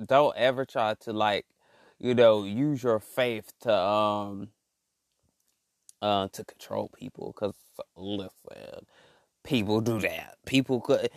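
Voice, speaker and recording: A man doing a comedic rant monologue, rambling and slangy, full of fillers and restarts, jumping from low mumbles to loud outbursts. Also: normal speed, vocal fry, clear, resonant tone, no room sound, studio quality.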